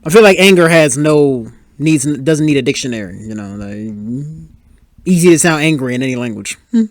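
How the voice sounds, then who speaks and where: An animated man with a mid-range voice speaks at a moderate pace in a dry, clean studio recording. Hosting a podcast, he talks casually over a film, calling out reactions and joking at the characters during scenes.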